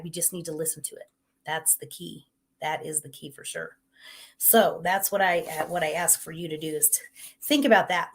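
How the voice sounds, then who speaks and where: Hosting an inspirational talk show streamed live, this middle-aged woman talks in a mid-range voice. Her tone is cheerful, easygoing, and softly encouraging.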